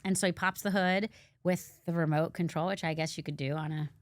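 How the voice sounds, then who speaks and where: A woman co-host recaps a drama in loose, animated chat, slipping into the characters' lines as she goes. Her voice sits a little low. It is recorded close and dry. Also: brisk, dry recording. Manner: animated storytelling, acting out quotes. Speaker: podcast co-host. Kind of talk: casual chat recapping a show.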